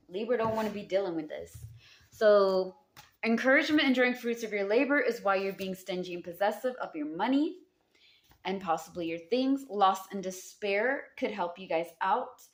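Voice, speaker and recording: A woman with a Southern US accent giving a casual tarot reading, speaking affectionately and calling her listeners honey and baby. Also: mid-range voice. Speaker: tarot card reader. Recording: roomy echo.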